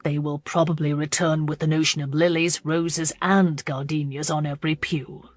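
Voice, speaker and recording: A woman voicing a wry, amused young gentleman friend in a storybook reading. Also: low voice, little pitch movement, normal speed, no echo, faint music behind.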